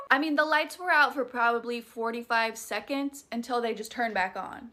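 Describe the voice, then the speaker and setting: Woman, young, Southern US accent, slightly high voice, chatty profane storytelling. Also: normal speed, bright, forceful tone. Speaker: storytime creator. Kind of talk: casual horror storytelling.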